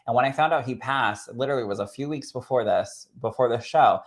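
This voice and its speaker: A man, a spirit medium, sharing a personal story in an expressive, chatty way that swells with emotion. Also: medium pitch, quick pace. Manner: expressive and chatty, full of "like" and "literally".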